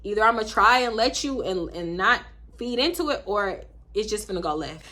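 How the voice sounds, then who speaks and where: A woman's voice: mid-range voice, expressive, moderate pace, pushed and bright. A young woman in her twenties with a Houston Black American accent, telling a dramatic storytime on her vlog, acting out quoted voices and swearing freely. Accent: African American Vernacular English, Houston. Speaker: storytime vlogger.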